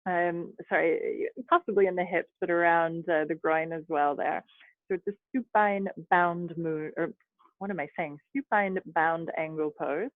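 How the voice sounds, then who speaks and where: A woman leading a yoga class over a video call, giving calm, chatty cues with little laughs and asides. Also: fairly low pitch, a little slow, no echo. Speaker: yoga instructor. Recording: dry, phone-like video call audio.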